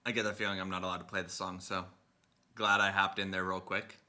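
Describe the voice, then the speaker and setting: Casting: male streamer, lower voice, rambling, chatty reactions. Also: flat delivery, fast, pushed and bright. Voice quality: rambling, chatty, talks over the broadcast. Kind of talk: casual live reaction chat.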